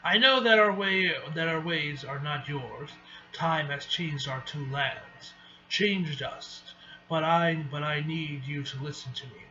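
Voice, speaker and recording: A man reading the lines of a stern warrior leader in a grave, halting manner. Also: fairly high pitch, pushed and bright. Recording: dull lo-fi with faint hiss.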